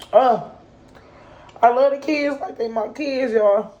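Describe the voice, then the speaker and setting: A woman's voice: on the high side, takes it slowly, pauses often, mellow, lo-fi sound. Impassioned mother ranting to her viewers. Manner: impassioned, ranting, piles up rhetorical questions; casual slangy speech addressing viewers as y'all. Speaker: mother and kids' advocate. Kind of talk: unscripted vlog monologue.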